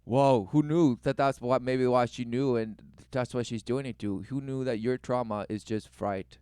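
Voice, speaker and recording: Man commentator, mocking and preachy, smooth resonant mid voice, dry close sound. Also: mid-range voice, steady tone, normal speed, mellow, no echo. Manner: mocking, exclamatory, rhetorical questions. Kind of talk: religious commentary over video clips.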